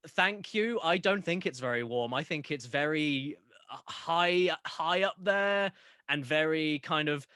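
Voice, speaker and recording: Bright-voiced Southern English man, rambling. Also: on the high side, normal speed, no echo, clean studio sound. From England. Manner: rambling, animated, swears casually. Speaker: guest, video game YouTuber. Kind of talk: casual podcast conversation.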